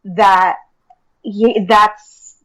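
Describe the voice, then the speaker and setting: An interview guest who reads and teaches akashic records, this woman talks earnestly and casually, using many fillers such as "like" and "um." She speaks extremely slowly in a steady, mid-range voice that's a bit bright, and the recording is rough.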